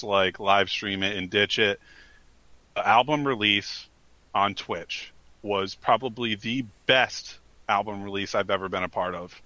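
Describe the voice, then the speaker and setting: A man's voice: fairly low pitch, pushed and bright, no echo. A man in casual chat as a podcast co-host, earnestly and emphatically recommending things. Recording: slightly dull, lo-fi mic.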